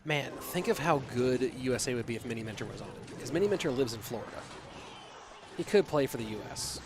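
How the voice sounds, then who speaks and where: A man's voice: mid-range voice, lively intonation, fairly quick, background noise. A man streaming from home, commentating an esports match live and stopping to answer chat questions in a loose, rambling way.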